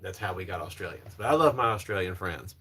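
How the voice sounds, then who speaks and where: A man's voice: low-pitched, expressive, quick pace, fairly bright tone, husky. Young man from North Carolina chatting. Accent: Southern American. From North Carolina, USA. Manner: polished presenter voice, answering chat comments. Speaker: livestream host. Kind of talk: casual livestream chat.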